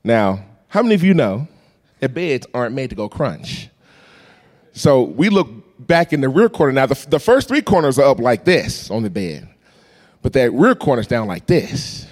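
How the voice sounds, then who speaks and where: A man preaching a storytelling sermon, animated and acting out voices and sounds. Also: medium pitch, moderate pace. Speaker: pastor.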